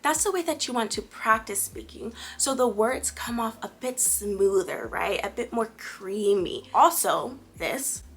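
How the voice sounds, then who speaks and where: A lifestyle vlogger from a Caribbean family background gives friendly, chatty advice in a casual vlog, often checking in with "right?". Her voice is fairly high-pitched and unhurried, with few pauses.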